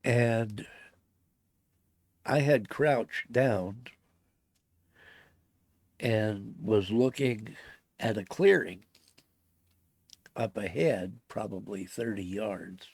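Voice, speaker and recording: Gravelly, slow-talking man telling a story. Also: lowish voice, dry recording, studio quality. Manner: blunt, swears constantly, grows heated and loud. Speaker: storyteller recounting a personal event. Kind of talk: casual spoken storytelling.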